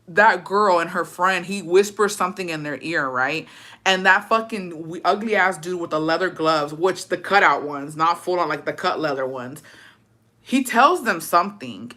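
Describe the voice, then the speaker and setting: A woman's voice: on the low side, pushed and bright. A woman in her thirties telling a story on a livestream and reading viewer comments, in a blunt, profane, slangy style that drops in the odd Spanish word.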